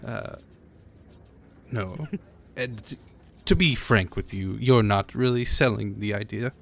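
A man voicing a polite, inquisitive, somewhat prim gentleman who speaks formally. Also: lowish voice, slow pace, creaky, exaggerated voice. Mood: puzzled.

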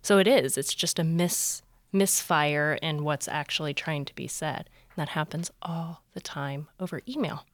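Low-voiced woman in a dry room. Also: moderate pace, dry recording. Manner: earnest, illustrates points with personal examples. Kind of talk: conversational discussion.

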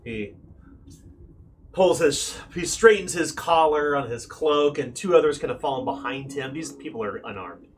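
A man running a tabletop game as game master, describing scenes in an animated way with frequent fillers. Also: a little high, measured pace, slight background noise.

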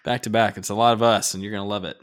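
A man co-hosting a casual podcast, joking around and giving listener shout-outs. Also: fairly low pitch, little pitch movement, rapid-fire. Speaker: podcast co-host.

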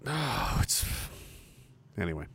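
Profane, animated man ranting. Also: on the low side, slow, creaky, a little hiss or hum. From Canada. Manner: profane, animated, swinging between loud emphasis and muttering. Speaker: livestream host reading viewer comments. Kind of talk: casual ranting livestream monologue.

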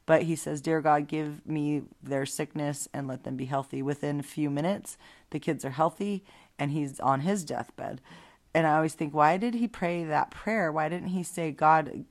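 Low-pitched woman hosting a casual faith podcast, chatty and rambling with asides. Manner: chatty, digressive, frequent asides. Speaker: podcast host. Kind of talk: casual Bible storytelling podcast.

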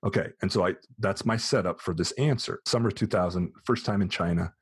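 A man's voice: sits low, a little fast, slightly rough, no echo, clean studio sound. An American man in his forties, hosting a podcast and telling a personal story in a casual chat, acting out the voices of the people in it. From United States. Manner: animated storyteller who acts out quoted voices. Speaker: podcast host.

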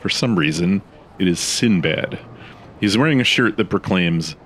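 A man narrating a comedic audio drama in a dry, deadpan style. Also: deep voice, normal speed, a little hiss or hum.

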